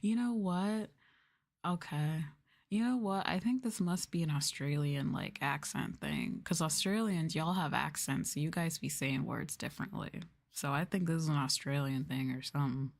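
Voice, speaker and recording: A young woman streamer in a soft-spoken ASMR chat, rambling casually with lots of fillers. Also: deep voice, moderate pace, creaky.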